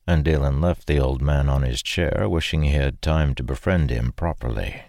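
Deep-voiced male audiobook narrator. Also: normal speed, vocal fry, hardly any pauses, darkish tone, no room sound, studio quality. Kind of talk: scripted fantasy narration.

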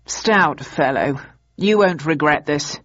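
A low, husky drawl for a smug male mastermind in a storybook reading, as a woman narrator puts him on. He savors every cruel word, slow and theatrical, and the audio is dull and muffled. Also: lively intonation, fairly bright tone, dry recording, heavily acted. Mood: mocking. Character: suave, gleeful male master villain.

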